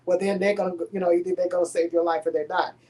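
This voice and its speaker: A middle-aged woman from Houston, Texas, appears as a guest telling an emotional personal story, her voice fairly low, steady in tone, fast, and mellow. Her delivery is dramatic, acting out pleading and quoted lines with big swings.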